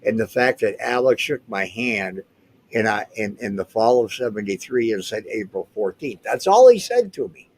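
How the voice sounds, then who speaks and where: A man's voice: fairly low pitch, lively intonation, normal speed, a little mellow. A man in his seventies telling stories in a rambling way in a casual chat, often restarting his sentences. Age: 70s. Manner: rambling storyteller with frequent restarts. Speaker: guest recounting past events.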